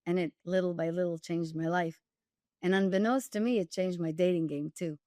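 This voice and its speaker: A woman's voice: on the low side, a little fast, mellow, dry recording, clean studio sound. A woman dating coach and author, speaking directly and emphatically as a guest, with wry humor. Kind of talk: candid storytelling interview.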